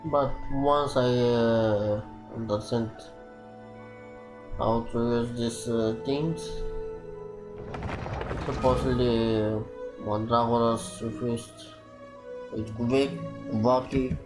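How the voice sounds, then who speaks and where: A man giving casual gameplay commentary, hesitant and thinking aloud with many pauses. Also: mid-range voice, fairly even intonation, over music. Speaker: gaming streamer.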